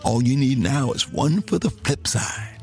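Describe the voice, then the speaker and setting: A man's voice: medium pitch, expressive, measured pace, music in the background, pitched above the performer's own voice, lightly acted. A man voicing a determined woman studio manager in a narrated story, eager and pressing as she talks. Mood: urging.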